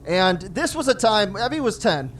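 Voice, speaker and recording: Big pitch swings mark this high, slightly bright male voice, delivered at normal speed with slight background noise. A stand-up comedian in his forties, he tells self-deprecating stories about his daughters and plays out their dialogue.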